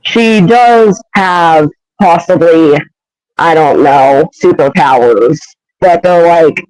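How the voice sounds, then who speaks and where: Young adult male, hesitant rambling storyteller, fairly high, dry. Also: slow pace, a little mellow, no room sound, poor audio. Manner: hesitant, rambling, many fillers. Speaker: fan voice actor. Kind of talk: rambling fan story pitch.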